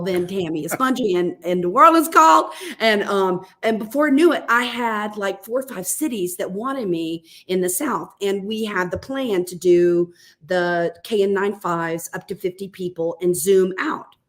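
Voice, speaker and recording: Chatty woman guest telling stories. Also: fairly low pitch. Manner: animated, chatty, with frequent fillers. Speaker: podcast guest. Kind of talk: casual storytelling.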